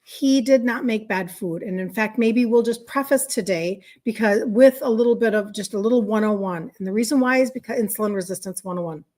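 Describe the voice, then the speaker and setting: A woman's voice: mid-range voice, a little fast, few pauses, a little mellow. A middle-aged woman from Minnesota with a Minnesota accent, hosting a casual livestream, chatting with viewers and greeting them by name as a health coach. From Minnesota, USA.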